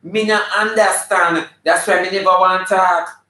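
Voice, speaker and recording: Sassy high-voiced Jamaican man, echoey room. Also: steady tone, unhurried, bright, forceful tone. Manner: sassy, scolding, flamboyant, with bursts of song. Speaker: comedian. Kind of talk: live comedy banter. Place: live show venue.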